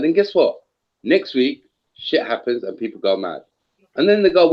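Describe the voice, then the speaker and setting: Over dull, lo-fi online audio, a man in voice chat tells animated stories full of slang, swearing freely in a heated, casual conversation. His voice is a little high and moves at a normal speed.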